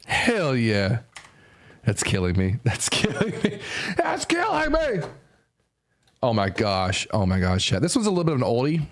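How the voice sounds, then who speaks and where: A young man streaming, giving casual reaction commentary, animated, repeating lines, swearing and laughing often. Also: medium pitch, moderate pace.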